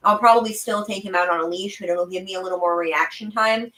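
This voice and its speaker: A young woman from the American South with a faint accent hosts a casual live stream from a room in her house, and the home recording sounds roomy. Her mid-range voice is steady, fast and a bit bright. She chats and rambles, laughs often and talks to her dog.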